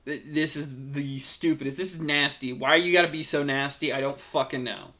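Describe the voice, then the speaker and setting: A man's voice: on the high side, fairly even intonation, normal speed, bright, forceful tone. Profane man ranting about a story. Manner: profane, heated ranting with many restarts. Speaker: story reader and commentator. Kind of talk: reading a post, then ranting commentary.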